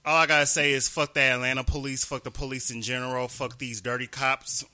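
Brief: blunt man co-host, sharp and very bright tone. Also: mid-range voice, level tone. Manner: blunt, quick bursts of cursing. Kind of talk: casual profane podcast rant.

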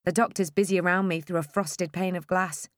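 Female audiobook narrator, wry expressive first-person read, lower register. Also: brisk, dry recording, studio quality.

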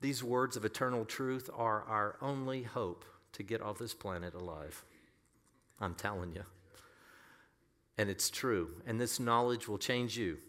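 Bright-voiced man preaching a sermon. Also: fairly low pitch, unhurried. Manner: earnest, emphatic preaching with repeated "I'm telling you". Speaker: pastor.

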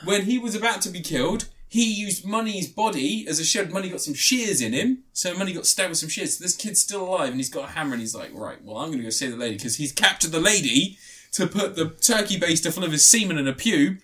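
A man's voice: high-pitched, animated, a little fast, bright, forceful tone. A man giving a rambling, crude, joke-filled film review, swearing often. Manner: rambling, crude, swears a lot, jokey asides. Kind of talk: casual comedic film review.

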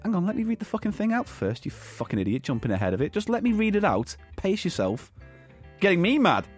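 A man's voice: high voice, wildly swooping pitch, fast, husky, soft background music. A man reading game rules aloud and bantering teasingly as a comedy co-host. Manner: reads aloud, teasing, swears, laughs.

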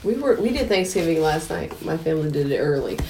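A woman co-hosting a movie podcast, giggly and chatting at a slow, easy pace. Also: sits low, sing-song, crowd noise. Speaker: podcast co-host. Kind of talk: casual movie podcast chat.

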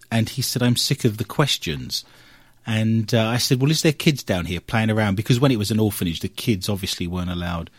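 A man hosting a radio show, recounting a paranormal investigation as an animated storyteller who works through his notes. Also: on the low side, dry recording. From England.

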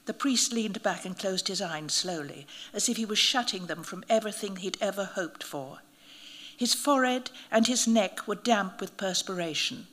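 A woman's voice: mid-range voice, animated, fairly bright tone. Woman narrating a tense audiobook. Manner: measured, vivid first-person storytelling.

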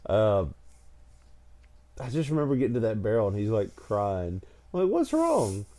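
Animated man telling a funny story. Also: fairly low pitch, moderate pace, a little hiss or hum. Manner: animated, laughs through his own story. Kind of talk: casual storytelling chat.

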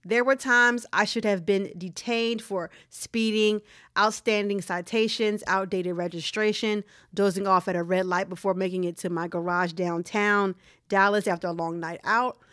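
A woman's voice: mid-range voice, steady tone, moderate pace, fairly bright tone, no echo, clean studio sound. A woman co-hosting a casual chat, conversational and wry, at times reading a post aloud. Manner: conversational, frequent agreeing murmurs, wry.

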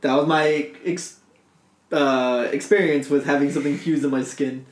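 Young male podcast co-host, animated storyteller, slightly high voice, echoey room. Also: moderate pace. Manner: animated, swearing, laughs through his story. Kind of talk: casual storytelling among friends.

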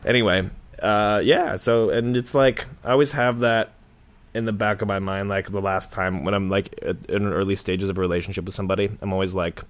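A man's voice: lowish voice, steady tone, brisk. A young man talking casually about his dating life as a podcast co-host, rambling and restarting his sentences with lots of filler. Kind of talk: casual chat.

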